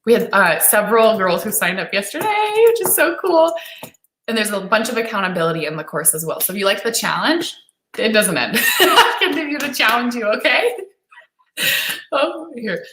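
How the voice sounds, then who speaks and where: During a live-stream Q&A, a young adult woman gives dating advice, reading viewer comments aloud with enthusiasm and encouragement. Her medium-pitched, fairly bright voice swings widely in pitch and moves a little fast. The echoey room recording carries a little hiss or hum.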